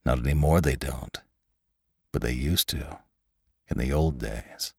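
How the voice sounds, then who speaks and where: A man voicing a pale, cold dead man risen from the grave, speaking low, quiet and menacing in an audiobook story. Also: unhurried, vocal fry, slightly rough, dry recording, clean studio sound, heavily acted.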